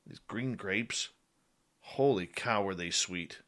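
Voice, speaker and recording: Male radio host, bright forceful tone, chatty and casual. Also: on the low side, slow pace. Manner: chatty, reads out chat names. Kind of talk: casual talk radio chat.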